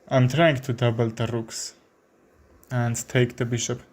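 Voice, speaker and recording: Live chess commentary comes from an Armenian streamer who speaks halting, filler-laden English with an Armenian accent. His medium-pitched delivery is flat, with a darkish tone.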